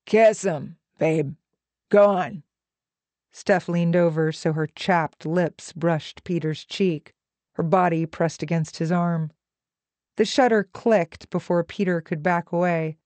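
A woman narrating a novel in a slow, measured, even reading voice. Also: on the low side, no echo. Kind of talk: audiobook narration.

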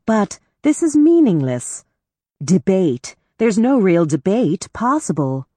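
A woman's voice: medium pitch, big pitch swings, takes it slowly, mellow, dry recording, studio quality. A woman reading an audiobook, voicing a bitter, sarcastic woman with a sardonic, scornful manner. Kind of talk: audiobook character voice.

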